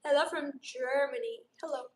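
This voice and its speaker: High-voiced chatty woman in an echoey room. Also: normal speed. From Romania. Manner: bubbly, gushing, chatty, replying to chat aloud. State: sore throat. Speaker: livestream host. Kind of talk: casual live-stream chat with viewers. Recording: roomy echo.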